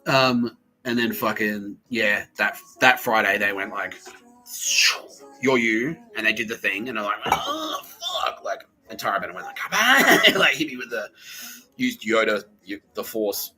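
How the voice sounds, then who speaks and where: A slightly low-voiced man rambles through a personal story, swearing freely and filling gaps with "like" and nervous laughs. His tone is bright and forceful. Faint music plays underneath. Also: fairly even intonation, normal speed, poor audio. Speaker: podcast host.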